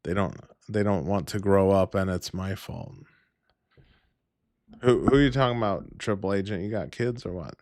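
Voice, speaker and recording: A man's voice: low-pitched, moderate pace, darkish tone, no room sound. Profane rambling male livestreamer, dry sound. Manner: rambling, profane, laughs often. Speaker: livestream host. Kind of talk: casual livestream chat.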